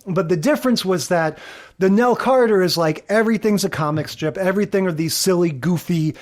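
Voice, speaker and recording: A man co-hosting a podcast, chatting casually about sitcoms in a relaxed, rambling way with lots of "like". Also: high voice, fairly quick. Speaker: podcast co-host.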